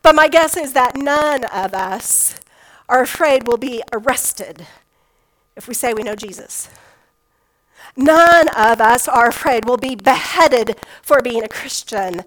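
A woman pastor delivers a sermon in a slightly high voice. She talks like she is telling a story to friends, easygoing and conversational, and slips in homespun humor. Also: animated, slow pace, a bit bright, low-quality recording.

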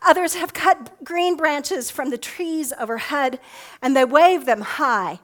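A woman pastor giving a sermon, gently leading listeners through an imagined scene. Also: high voice, slow.

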